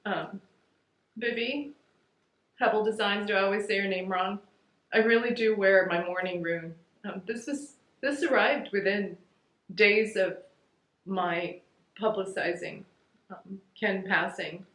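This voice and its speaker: A woman's voice: mid-range voice, a little slow, long pauses, a bit bright. A middle-aged woman, tearful, talking casually to her viewers in a rambling, heartfelt way. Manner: rambling heartfelt thank-yous, says "you guys" often. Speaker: vlogger. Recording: echoey room.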